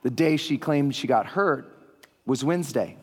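A man's voice: a little slow, slightly rough. A man speaking on stage to a live audience, telling a story with energy and acting out the lines of the people in it in a raised voice. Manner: animated storytelling, acting out quotes in a higher voice. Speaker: motivational speaker. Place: large hall with a live audience. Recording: long hall reverb.

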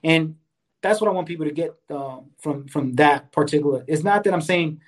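A man's voice: on the high side, moderate pace. A man co-hosting a casual talk about anger who talks earnestly and keeps checking in with "right?" and "you know". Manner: enjoys exercise, speaks of fitness. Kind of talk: casual conversational advice.

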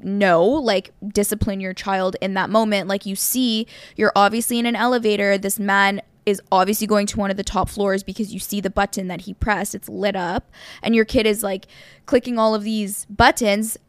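Young podcast cohost girl, animated stories, medium pitch, dry sound. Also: moderate pace, smooth, no room sound. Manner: animated storyteller, frequent "like". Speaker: podcast co-host. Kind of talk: casual chat.

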